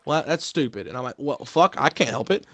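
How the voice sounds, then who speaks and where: Swearing freely, a young man heatedly recounts problems at his job in a casual chat. He speaks fairly quickly in an expressive mid-range voice, with no echo.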